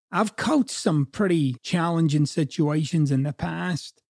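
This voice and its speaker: A man's voice: a little high, a little slow, vocal fry, few pauses, darkish tone, no room sound, studio quality. A man from Scotland with a Scottish accent, a coach giving a blunt, profane, conversational motivational talk.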